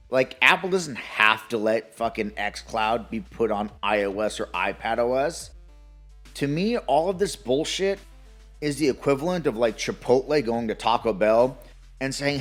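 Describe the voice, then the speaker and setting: A man rants to his viewers about games, worked up and sarcastic, cursing freely. His voice sits at an ordinary middle pitch. Faint music plays beneath him. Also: animated, measured pace, a bit bright. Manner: heated, sarcastic, profane. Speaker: gaming commentator. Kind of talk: opinion rant to camera.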